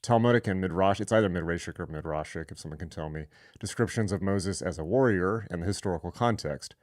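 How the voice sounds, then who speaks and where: A man's voice: low-pitched, fast talker, darkish tone, no echo, studio quality. A man hosting a live online lecture, reading sources aloud and breaking off for irreverent, sarcastic comments. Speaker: host.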